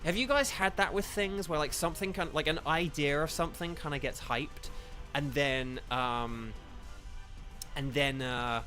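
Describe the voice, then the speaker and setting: Bright-voiced man rambling on a game stream. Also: a little high, unhurried. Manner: rambling, filler-heavy, self-correcting. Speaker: voice actor streaming a game with chat. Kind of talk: casual live-stream chat while gaming. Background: faint game music.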